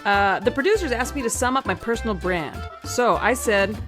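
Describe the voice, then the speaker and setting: A woman's voice: a little high, expressive, moderate pace, music in the background. A woman hosting a comedy podcast, reading a comic bit and chatting in a joking, laugh-filled way. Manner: jokey, reads a comic bit, laughs often. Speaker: podcast host.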